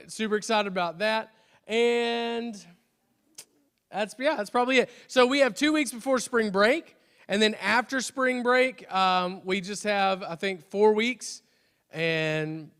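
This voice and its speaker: Bright-voiced youth pastor man, hall echo. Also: sits high. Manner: chatty, restarts often, jokes self-deprecatingly. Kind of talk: youth service announcements and prayer. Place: church youth service hall. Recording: reverberant hall.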